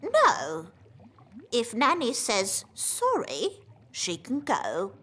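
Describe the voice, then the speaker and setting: Cartoon: an old retired witch, prickly and proud, high lively voice, slow delivery, music under. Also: husky, full character voice. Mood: stern. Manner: polite then indignant, warning tone. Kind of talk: cartoon voice acting.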